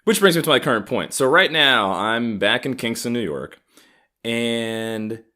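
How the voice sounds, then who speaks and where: A man's voice: sits low, pushed and bright. A man in his thirties hosting a comedy podcast, delivering an angry, profane, sarcastic rant. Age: 30s. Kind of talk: ranting comedic monologue.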